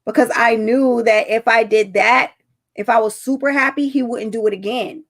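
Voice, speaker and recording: Gravelly-voiced woman telling a story. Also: fairly high pitch, steady tone, normal speed, fairly bright tone. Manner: chatty storytelling, acts out quotes. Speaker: relationship coach. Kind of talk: casual talk to camera.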